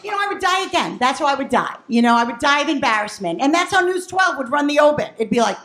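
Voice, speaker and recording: A woman's voice: sits high, sing-song, fast, few pauses, fairly bright tone. A woman doing a brash, profane stand-up set, acting out her family. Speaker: stand-up comedian. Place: comedy club. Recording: echoey club room.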